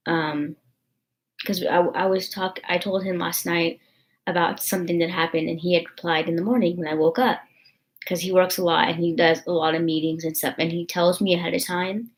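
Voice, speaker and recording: A woman's voice: on the low side, steady tone, moderate pace. A young woman vlogging in a rambling, emotional, confessional way, full of fillers. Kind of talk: casual confessional vlog chat.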